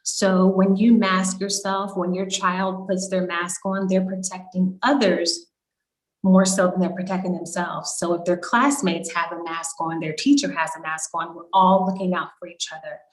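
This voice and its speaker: A woman's voice: on the low side, steady tone, normal speed. A woman doctor on a video call town hall, explaining health guidance in a reassuring way. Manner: reassuring, explanatory, frequent "you know". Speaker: doctor panelist.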